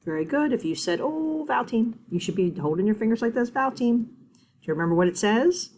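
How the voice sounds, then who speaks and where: Mellow-voiced woman teaching phonics. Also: medium pitch, expressive, slight background noise. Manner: encouraging, sounds words out slowly. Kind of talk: phonics lesson for children.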